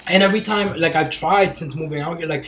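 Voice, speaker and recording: A man hosting a podcast, telling stories in a casual, animated, profane way. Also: on the high side, fast, echoey room, a little hiss or hum. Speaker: podcast host. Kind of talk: casual chat.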